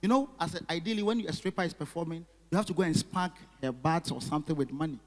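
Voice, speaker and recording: A male stand-up comedian, telling stories and chatting with the audience in an animated way. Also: a little high, fast talker. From Ghana. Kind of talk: stand-up comedy with crowd work. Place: live comedy venue. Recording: long hall reverb.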